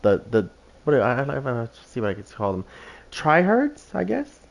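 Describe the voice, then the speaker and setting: A man's voice: medium pitch, wildly swooping pitch, moderate pace, vocal fry, dull audio. A man streaming a game live, commentating with brash, foul-mouthed trash talk. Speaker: streamer playing a killer.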